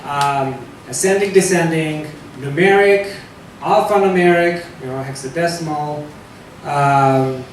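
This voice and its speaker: A man giving a live technical talk to a room, loose and conversational, with fillers and self-corrections. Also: measured pace. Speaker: security talk presenter. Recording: echoey hall from far off, faint rumble.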